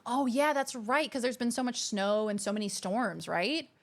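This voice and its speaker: A woman's voice: on the high side, moderate pace. A woman streamer chatting casually and thanking viewers in a bubbly, talkative way. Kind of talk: casual live-stream chat.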